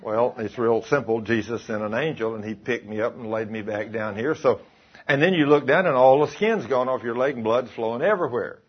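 Husky preacher telling a folksy story. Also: male voice, medium pitch, fairly quick. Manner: folksy storytelling, drawling and emphatic. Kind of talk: sermon with personal testimony. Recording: muffled lo-fi sermon recording.

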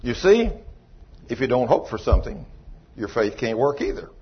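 A man preaching a sermon as pastor, telling a story and acting out the dialogue, swinging between loud and soft. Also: mid-range voice, big pitch swings, normal speed, slightly rough, lo-fi sound.

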